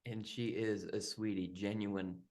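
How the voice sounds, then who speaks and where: A man hosting a conversational interview as a healer, affirming and quick to agree with his guest. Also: fairly low pitch, level tone, heavy background noise.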